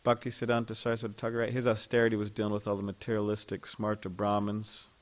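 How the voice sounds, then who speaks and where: A man's voice: fairly low pitch, completely flat delivery, fast. A man teaching a devotional scripture class in a temple, talking in a loose conversational way and putting questions to his listeners.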